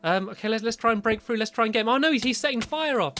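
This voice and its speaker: A man giving casual Minecraft let's-play commentary, excitable, breaking into yelps and squeals when panicked. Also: very high-pitched, fast talker. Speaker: gaming video host.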